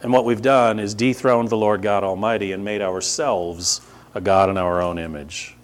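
A man's voice: lowish voice, fairly even intonation, normal speed. A man, preaching a conversational sermon with emphatic repetition. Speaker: pastor.

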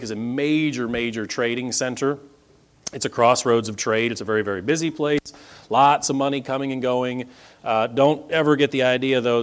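Lively, animated male preacher. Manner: lively, conversational preaching with wide pitch swings. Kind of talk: sermon.

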